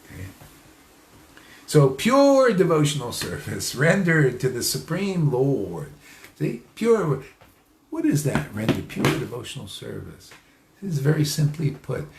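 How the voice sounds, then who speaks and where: A man's voice: medium pitch, wildly swooping pitch, measured pace, gravelly, a little hiss or hum. A man giving an informal spiritual talk, repeating phrases for emphasis, laughing often and speaking straight to his listeners. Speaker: spiritual teacher. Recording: echoey room.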